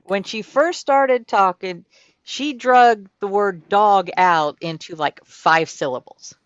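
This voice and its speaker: Slow-talking woman on dull dry audio. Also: medium pitch, no room sound. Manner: amused storytelling with laughs. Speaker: mother, festival performer. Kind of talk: casual chat.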